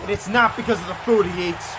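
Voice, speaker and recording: A man's voice: high-pitched, fast. A man co-commentating a wrestling video game, joking and hyping the wrestlers. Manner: jokey, hypes the wrestlers. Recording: noisy stream audio.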